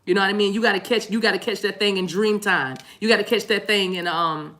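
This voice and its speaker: A woman's voice: medium pitch, fairly even intonation, quick pace, fairly bright tone. A woman doing a casual spiritual card reading who talks in a chatty way, laughs often and repeats herself. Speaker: tarot card reader.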